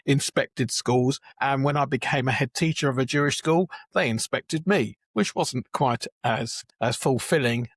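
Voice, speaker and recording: Husky older guy in his 70s, chatty storyteller, dry close sound. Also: mid-range voice, unhurried, hardly any pauses, no room sound. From England. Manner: chatty storyteller, restarts and chuckles. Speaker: guest, Jewish educator. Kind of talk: conversational interview.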